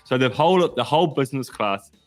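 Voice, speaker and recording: A man's voice: medium pitch, animated, fast talker, faint music behind. A man telling a funny story in casual podcast chat, laughing and swearing. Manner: laughing anecdote-teller, swears freely. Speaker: podcast co-host.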